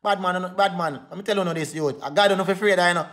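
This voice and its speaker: Man, Jamaican accent, young adult, defiant livestream rant, repetitive, high bright voice. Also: fast. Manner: defiant, repetitive, addresses viewers directly.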